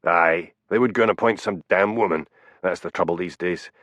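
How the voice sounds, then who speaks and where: A man voicing a bullying, heavyset male police chief inspector with a Glasgow accent, gruff and truculent, in an audiobook. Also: low voice, normal speed, a bit bright, no echo, studio quality. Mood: scornful. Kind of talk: audiobook character voice.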